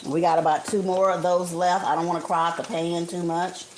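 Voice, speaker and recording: Frying food on her stove, a home cook streams live and talks viewers through a recipe, chatty and homey, addressing them as "honey" and "guys." Her voice is fairly low, level, and somewhat dark, and she speaks a little fast. Faint kitchen noise and sizzling come through on the rough recording.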